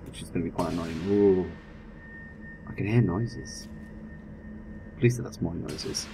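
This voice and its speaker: Young guy chatting over a game, lowish voice, hiss in the background. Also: a little slow. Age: young adult. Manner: excitable, chatty, jokey. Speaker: let's play gamer. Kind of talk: gameplay commentary. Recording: steady background noise.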